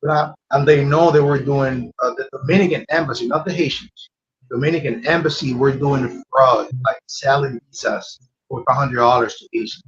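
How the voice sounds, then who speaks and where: A man's voice: mid-range voice, fairly even intonation, moderate pace, highs cut off. A man guest in casual chat who speaks hesitantly, stammering and restarting his sentences.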